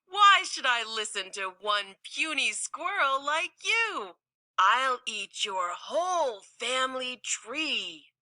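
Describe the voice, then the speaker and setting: A woman's voice: sits high, very animated, takes it slowly, sharp tone, no room sound, studio quality, exaggerated voice. A woman voicing a menacing grizzly bear who laughs and boasts. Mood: gloating.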